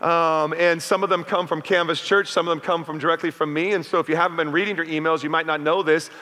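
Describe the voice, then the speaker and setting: A man's voice: on the high side, steady tone, fast, bright, forceful tone. A middle-aged male pastor preaching a sermon in a church, chatty and full of call-outs to the congregation. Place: church sanctuary. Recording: reverberant hall.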